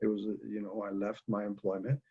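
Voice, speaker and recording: A man with a husky, breathy voice speaks earnestly and haltingly, restarting his sentences as he goes. The audio is muffled and lo-fi, like a video call. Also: lowish voice, level tone, dark tone. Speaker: guest speaker. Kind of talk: candid personal conversation.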